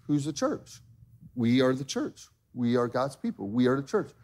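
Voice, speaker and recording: A man's voice: mid-range voice, big pitch swings, moderate pace, a little mellow. A man in his thirties preaching a sermon in a conversational way, often checking in with "okay?". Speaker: pastor.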